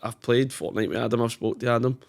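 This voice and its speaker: Scottish man, animated podcast guest. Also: medium pitch, quick pace, creaky. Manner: animated, swearing, laughs a lot. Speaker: podcast guest, gaming content creator. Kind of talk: casual podcast chat.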